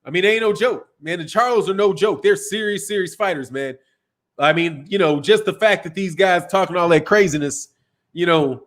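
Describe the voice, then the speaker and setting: Slangy, high-voiced Chicago-raised man. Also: moderate pace, fairly bright tone. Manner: loose, slangy, laughs often. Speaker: boxing channel host. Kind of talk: casual live stream chat.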